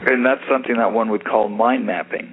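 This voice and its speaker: A man hosting a panel discussion, speaking in a measured, gracious way. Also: medium pitch, fairly even intonation. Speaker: host. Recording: tinny phone-like audio with faint hiss.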